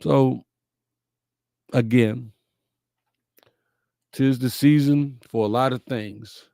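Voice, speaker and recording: A man's voice: medium pitch, steady tone, unhurried, long pauses, warm tone, no echo, studio quality. A middle-aged man, hosting a livestream, reading viewer comments and answering them in a folksy, heartfelt, preacherly way. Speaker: host of a live-streamed message show.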